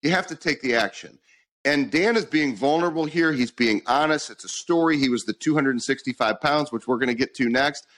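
A man's voice: mid-range voice, brisk, a bit bright. A man hosting a podcast interview, talking in an emphatic, motivational way and repeating points for emphasis. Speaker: podcast host.

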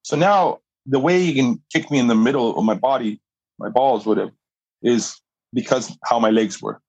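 A man's voice: medium pitch, moderate pace, darkish tone, husky, no room sound, dull audio. A middle-aged man, a guest on a podcast, telling a story with energy, laughing often and restarting his sentences. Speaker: guest, jiu-jitsu fighter and coach.

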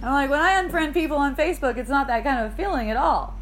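Woman with a high voice, chatty spiritual teacher, laughs a lot, faint room hum behind. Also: expressive, fast talker. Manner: light, laughing storytelling with quoted voices. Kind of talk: in-person spiritual dialogue talk. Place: indoor gathering room.

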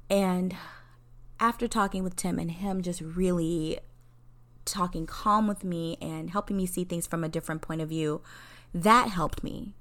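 A woman in her forties, a counselor, candidly telling a personal story in a conversational way, laughing at herself. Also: lowish voice. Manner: candid and conversational, laughing at herself, quoting people in lively voices.

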